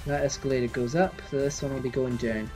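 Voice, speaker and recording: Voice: mid-range voice, steady tone, fast, a little mellow, rough recording. A streamer talks casually through a live gameplay session. They chat with viewers in a mid-range voice and answer questions as they come in. Faint music runs underneath. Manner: chatty, reads and answers chat while playing.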